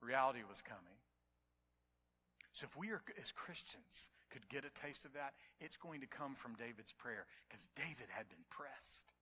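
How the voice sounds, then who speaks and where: A man preaching a sermon to his congregation, telling stories and building to near-shouts at the climaxes. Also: mid-range voice, animated, moderate pace, slightly rough, big-room sound. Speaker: pastor. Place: church sanctuary.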